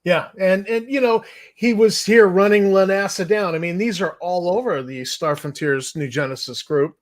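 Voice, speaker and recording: A man's voice: high-pitched, moderate pace. A man co-hosting a casual livestream discussion, laid-back and easygoing. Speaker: co-host.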